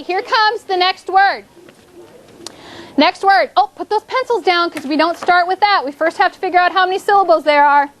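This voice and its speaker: A woman teaching a fourth grade phonics lesson in a classroom, drawing out her prompts and repeating cues as the class thinks. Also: very high voice.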